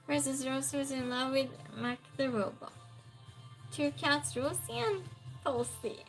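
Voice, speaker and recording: Trivia stream host, female, high bright voice, unhurried, sometimes loud, faint music under. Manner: reads questions aloud, chats with viewers, sometimes loud. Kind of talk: casual live-stream trivia hosting.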